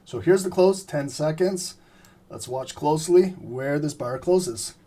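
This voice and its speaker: A man giving live trading commentary, explaining steadily and often clearing his throat as he says he is losing his voice. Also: fairly high pitch, a little slow. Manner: steady explanatory, repeats "remember" and "right?". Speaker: trading streamer.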